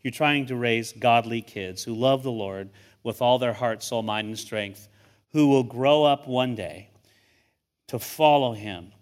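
An older man with a mid-range voice and measured pace preaches a sermon to a church congregation as a guest pastor. His style is conversational and story-driven, and he often repeats words when starting a thought.

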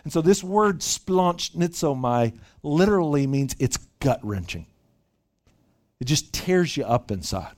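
A man preaching a sermon at a church retreat, animated and often repeating his first words as he starts a thought. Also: fairly high pitch, a little slow. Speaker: pastor.

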